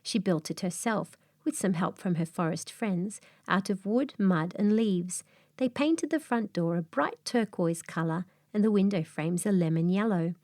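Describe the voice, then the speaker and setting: A woman narrating a calm bedtime fairy tale in a soft, slow, soothing way, sometimes dropping to a whisper. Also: on the low side, dry recording, clean studio sound. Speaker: storyteller.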